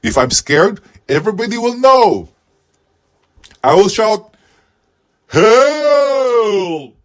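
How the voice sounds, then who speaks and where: A man giving a comic movie review in a husky head costume, with deadpan jokes and sudden outbursts. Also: a little high. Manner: speaking while wearing a husky head costume.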